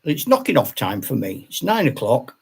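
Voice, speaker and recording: A man's voice: mid-range voice, wildly swooping pitch, moderate pace, creaky, husky. An older retired man, a channel host, chatting casually on a live stream, rambling with restarts and laughing often.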